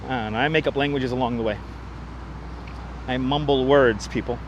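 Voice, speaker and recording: A man's voice: medium pitch, steady tone, normal speed, dull audio. A man livestreaming as he walks the streets outdoors, chatting and joking with viewers on a clip-on mic. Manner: chatty, thanks viewers, jokey asides. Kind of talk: casual live vlog chat. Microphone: wireless clip-on mic. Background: traffic and city ambience.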